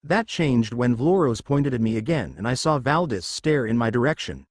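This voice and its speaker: A man's voice: medium pitch, big pitch swings, moderate pace, no room sound, clean studio sound. A man reading a first-person story recap as scripted storybook narration.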